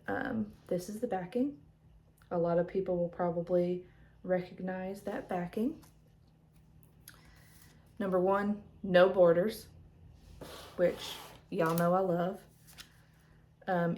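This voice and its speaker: Slow, soft-spoken woman chatting. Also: fairly low pitch, slight background noise. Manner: rambling, soft-spoken, many fillers. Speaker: tarot vlogger. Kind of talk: casual chat showing tarot decks.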